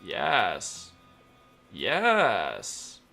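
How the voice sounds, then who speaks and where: A man streaming a flight game, chatting loosely with lots of fillers and switching into crisp radio phraseology as a tower controller. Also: on the low side, wildly swooping pitch, drawn-out words, bright, forceful tone, soft background music. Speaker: streamer and virtual air traffic controller. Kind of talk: casual live-stream chat.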